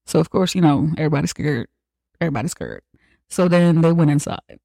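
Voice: medium pitch, animated, fairly quick, gravelly, dark tone, no room sound. A podcast host giving a casual, slangy, profane movie recap with joking asides.

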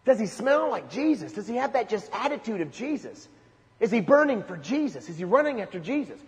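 High-voiced man preaching in a reverberant hall. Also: sing-song, brisk, highs cut off. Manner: emphatic preaching with rhetorical questions. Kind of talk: sermon.

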